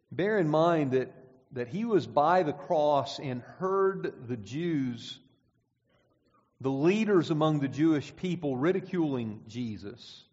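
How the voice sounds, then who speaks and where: A man's voice: medium pitch, a little mellow. A man preaching a sermon in a conversational way, often repeating words and reading scripture aloud. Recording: dull sound with long hall reverb.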